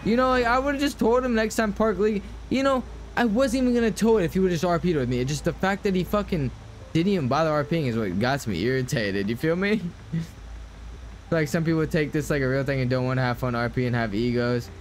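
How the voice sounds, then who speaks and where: A man's voice: fairly high pitch, fast talker, slight background noise. A young man streaming a game, talking casually to his chat and ranting with lots of swearing.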